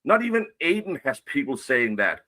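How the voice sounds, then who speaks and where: A man's voice: mid-range voice, big pitch swings, moderate pace, sharp tone. A man on a played clip, ranting angrily and profanely, confronting his critics. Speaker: online commentator. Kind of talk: angry rant.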